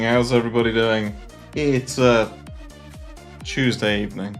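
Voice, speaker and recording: A man's voice: on the low side, steady tone, normal speed, gravelly, soft background music. A man chatting casually on a livestream about trading, rambling with plenty of fillers and restarts.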